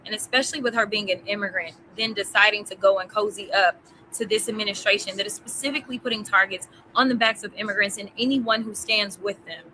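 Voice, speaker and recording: Blunt woman with a bright, forceful voice. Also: medium pitch, fast talker, slight background noise, low-quality recording. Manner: blunt, confident, sly asides. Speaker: interview guest. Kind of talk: candid interview conversation.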